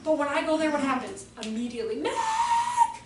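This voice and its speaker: High-voiced woman telling classroom stories. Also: racing. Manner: animated, acts out children's voices with laughter. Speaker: educator giving a talk. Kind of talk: storytelling presentation to an audience. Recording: echoey room, far from the mic, faint noise.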